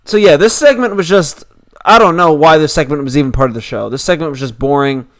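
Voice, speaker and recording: A man's voice: on the high side, brisk. A man casually recapping a wrestling show, opinionated and rambling, with lots of fillers.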